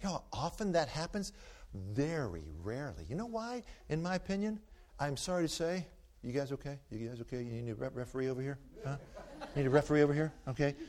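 An older man preaching a sermon, animated and joking as he tells stories and teases his listeners. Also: fairly high pitch, fast.

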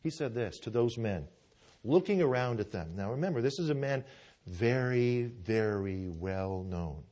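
A man preaches a sermon in a church with a plain, mid-pitched voice. He is fervent and conversational, tells stories with restarts and repeated words, and keeps asking his congregation "Amen?". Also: lively intonation, unhurried, mellow. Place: church with pews.

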